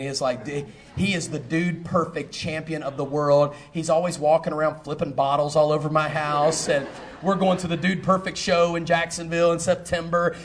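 A middle-aged man, a pastor telling a personal story in a sermon, animated and full of fillers and restarts. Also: a little high. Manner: animated, repeats himself, lots of fillers.

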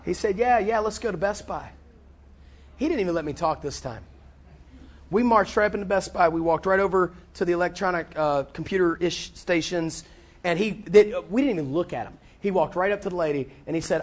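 A man with a high-pitched voice preaches through a personal story. He talks in an animated way, often repeating words and acting out both sides of a conversation. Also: fairly quick. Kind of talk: sermon storytelling.

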